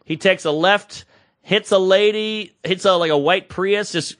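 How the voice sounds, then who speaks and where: A man's voice: high voice, unhurried, a bit bright. A man, a podcast co-host telling a casual story and acting out the people in it.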